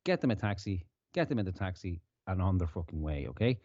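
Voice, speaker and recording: A podcast host rants in a low, mellow voice, cursing freely as he argues his point. The sound is dry and a little dull, like a lo-fi podcast mic. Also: big pitch swings, quick pace, dry recording. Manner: ranting, heavy swearing. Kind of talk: casual profane commentary.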